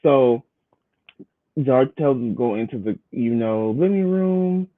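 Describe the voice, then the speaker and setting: A man's voice: medium pitch, expressive, unhurried, dry recording. A man co-hosting a casual commentary show, recapping an episode in a loose, chatty way full of fillers. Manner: loose and chatty, filler-heavy, acts out quotes. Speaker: podcast co-host recapping a reality show. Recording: tinny phone-like line, dry.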